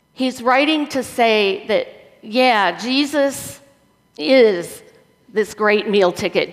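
A woman pastor preaching a sermon in a deliberate, unhurried way, mixing scripture and prayer with casual asides and light humor. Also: mid-range voice, in a large hall.

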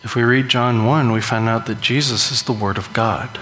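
A man's voice: mid-range voice, steady tone, normal speed, few pauses, fairly bright tone, slight background noise. Man preaching in a reverberant hall. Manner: conversational, jokey, emphatic rises. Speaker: pastor. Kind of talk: sermon.

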